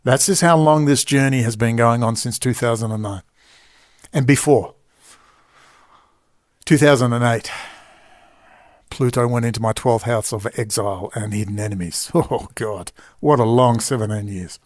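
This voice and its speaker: A middle-aged Australian man tells a long, rambling personal story in a mid-range voice at a moderate pace, leaving long pauses. He throws in emphatic asides and digresses often.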